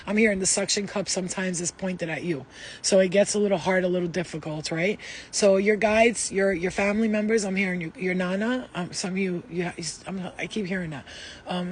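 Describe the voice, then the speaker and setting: A woman's voice: mid-range voice, slight background noise. A woman doing a live psychic reading for her viewers, rambling and emotional, with many restarts. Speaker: psychic reader.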